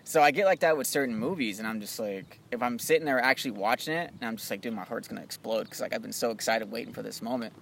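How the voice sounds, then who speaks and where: A young man in casual chat about movies, loose and animated, swearing freely and calling his friend dude and bro. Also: medium pitch, quick pace, gravelly, hardly any pauses, slight background noise.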